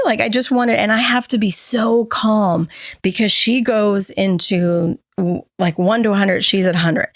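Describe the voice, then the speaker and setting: A female podcast co-host candidly shares a personal story, animatedly performing the voices of the people she quotes. She has a mid-range voice at normal speed. The recording is dry and studio-clean.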